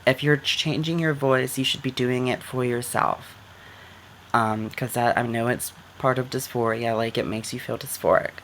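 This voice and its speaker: A woman's voice: rumbling low, fairly even intonation, normal speed, a little hiss or hum. Chatty woman giving casual advice. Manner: chatty, many "like" fillers. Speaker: vlogger.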